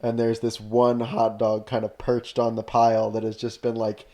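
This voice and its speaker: A man riffing on a podcast, talking in loose, rambling chat that is packed with "like" and quick restarts. He laughs often and keeps building on his own ideas. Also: mid-range voice, monotone, dark tone. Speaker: podcast co-host. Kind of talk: casual chat.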